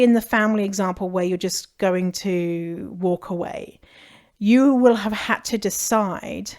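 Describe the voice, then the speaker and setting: A British woman talking through advice in a loose, unscripted podcast monologue. She is frank and chatty, drops the odd swear word, and breaks into easy laughter. Her pitch sits in a middling range. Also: a little mellow. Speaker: podcast host.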